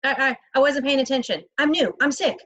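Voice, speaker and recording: A woman's voice: huge pitch swings, unhurried, fairly bright tone, lo-fi sound, exaggerated voice. A woman reading aloud, voicing a nervous stammering boy with a raised voice. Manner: stammering, higher voice. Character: nervous boy hiding a secret.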